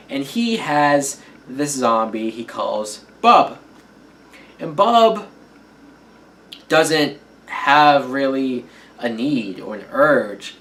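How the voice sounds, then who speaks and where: Male vlogger reviewing a film off the cuff, rambling, blunt, swears now and then, mid-pitched. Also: a bit bright, slight background noise, poor audio. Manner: candid, rambling, with casual swearing. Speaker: movie reviewer. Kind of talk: casual spoken film review.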